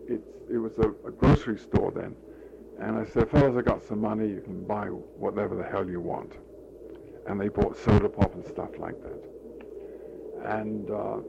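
A man's voice: on the low side, creaky, poor audio. An older man telling rambling stories in an interview, with many fillers, acting out the dialogue he recalls. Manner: meandering, full of fillers, acts out quoted dialogue. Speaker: interviewee telling a life story. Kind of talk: rambling anecdotal storytelling.

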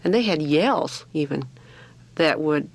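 A man from Alaska, a softball umpire, talking plainly and firmly in a casual radio chat. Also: fairly high pitch, lively intonation, unhurried, vocal fry, dry recording. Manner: firm, plain-spoken storyteller.

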